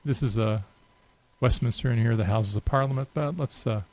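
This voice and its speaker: A man narrating a software walkthrough in an easy, unscripted way. His voice sits in an ordinary middle pitch, and he pauses often with fillers as he clicks around. He keeps a relaxed, conversational tone throughout. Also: poor audio. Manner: casual and unhurried, many filler pauses. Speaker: software demo presenter. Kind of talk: unscripted screen-share walkthrough.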